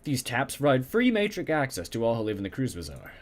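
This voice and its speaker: Man voicing a courteous, scheming café owner in a game, formal, accented, lively pitch. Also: fast talker. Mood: smooth persuasion. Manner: exaggerated formal, put-on Turkish-style accent. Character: male Turkish café owner, polite, scheming fixer.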